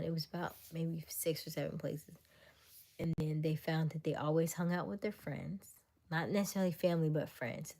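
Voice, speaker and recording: Low-voiced woman telling stories animatedly. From Florida. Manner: animated, acts out quotes with sudden high squeals; chatty with frequent fillers and restarts. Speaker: livestream host. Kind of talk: casual storytelling on a livestream.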